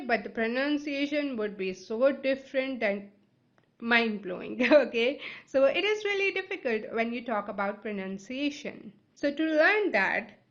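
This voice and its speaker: A woman's voice: fairly high pitch, fairly bright tone, lo-fi sound. A woman teaching vocabulary in a video lesson. English is not her first language. She explains step by step and keeps checking in with "right?" and "okay?".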